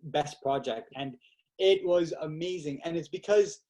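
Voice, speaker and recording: A young man as a podcast guest, telling stories in a lively, casual way and acting out quotes, with lots of "like" fillers. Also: on the high side, unhurried. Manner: animated, acts out quotes with fillers like "like". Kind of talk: casual storytelling chat.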